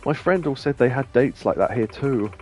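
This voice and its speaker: A man's voice: medium pitch, animated, moderate pace, darkish tone, faint music behind, close to an everyday voice. A man reading out the lines of a chatty young club hostess in a game, in a plain, lightly voiced manner. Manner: plain reading of on-screen dialogue.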